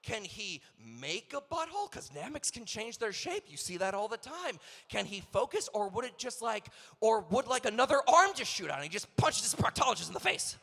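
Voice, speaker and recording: Animated, bright-voiced man doing comedy. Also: high voice, normal speed, gravelly, hardly any pauses. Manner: rambling rhetorical questions, animated. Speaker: emcee. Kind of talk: stand-up comedy bit. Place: convention event hall. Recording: long reverb of a large hall over PA.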